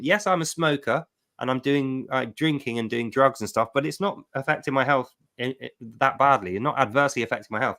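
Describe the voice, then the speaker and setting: A middle-aged man hosting a livestream, telling a personal testimony with emphatic, animated storytelling. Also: a little high. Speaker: livestream host.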